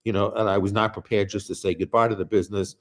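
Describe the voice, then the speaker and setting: A man's voice: lowish voice, steady tone, fast. A man hosting a casual political talk show, telling a long story in a rambling way with many restarts and blunt profanity. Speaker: show host.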